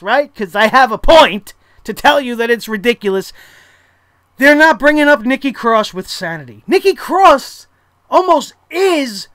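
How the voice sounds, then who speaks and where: A wrestling show reviewer ranting in a casual, sarcastic way, blunt and swearing freely, with loud exasperated outbursts and laughter at their own jokes. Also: mid-range voice, dry recording.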